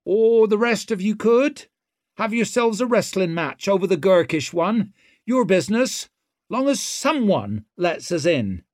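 A man's voice: high voice, very animated, measured pace, a little mellow, no echo, clean studio sound, pitched above the performer's own voice. A man voicing a brash, sly young woman leader who talks with cheeky mock-innocence. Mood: cocky.

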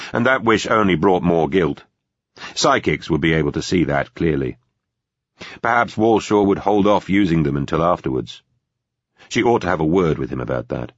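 A man reading a novel aloud in steady scripted narration. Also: a bass voice, no echo, dull audio. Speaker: audiobook narrator.

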